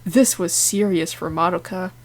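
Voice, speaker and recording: Woman deadpan-reading a clumsy fan story. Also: fairly low pitch, normal speed. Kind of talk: comedic read-aloud.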